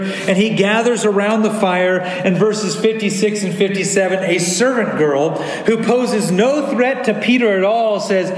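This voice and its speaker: A man preaching a sermon as pastor, earnest, sometimes acting out the people in the story. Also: high voice. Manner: earnest, acts out quoted lines. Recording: echoey hall, faint ambience.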